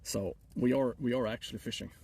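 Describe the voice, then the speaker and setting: A man's voice: mid-range voice, fairly even intonation, a little fast, vocal fry, warm tone, husky. A middle-aged man with a Swedish accent, joking and rambling to his chat while streaming from a frozen lake. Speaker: livestreamer. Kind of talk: casual live stream chat.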